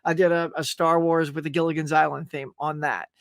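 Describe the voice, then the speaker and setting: A man's voice: on the high side, level tone, brisk, creaky, clean tone, no echo, clean studio sound. A man hosting a casual interview, talking enthusiastically, laughing often and rambling through his stories. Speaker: podcast host.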